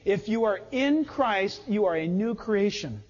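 A man preaching with a very high voice and a slow, deliberate pace. He delivers the sermon emphatically and acts out short scenes as he goes. The sound is a bit dull and rings with a long hall reverb. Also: animated. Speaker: pastor.

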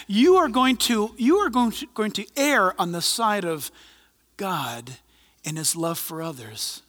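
A male pastor preaching a sermon in an animated, conversational way, with asides and humor. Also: high-pitched, a little slow, big-room sound. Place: church.

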